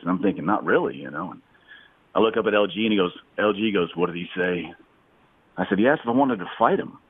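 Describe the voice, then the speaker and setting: A man's voice: lowish voice, husky, dry recording. A man co-hosting a podcast, telling a story in a rambling, repetitive way. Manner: rambling, repeats himself. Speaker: podcast co-host. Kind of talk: casual storytelling. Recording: dry, phone-like sound.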